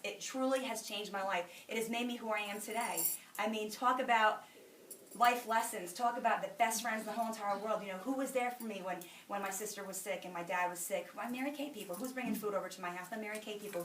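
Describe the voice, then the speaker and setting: A woman's voice: medium pitch, fast talker. A woman giving a motivational talk to a meeting, telling stories and acting out the dialogue. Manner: animated storyteller, acting out dialogue. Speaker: sales director speaking at a meeting. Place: meeting room. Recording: echoey room, from a distance, faint noise.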